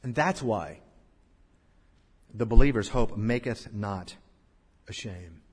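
A male pastor preaching a sermon, swelling to loud, drawn-out scripture recitations and dropping to hushed lows. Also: expressive, breathy edge. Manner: slow, drawn-out recitation of King James verses. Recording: long church-hall reverb.

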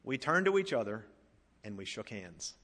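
A middle-aged man preaches a sermon in a bright, forceful voice, and the words ring out through a church with a long, lingering reverb. He builds to emphatic, rising questions, then drops low and quiet to tell a personal story. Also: very animated, normal speed. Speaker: pastor.

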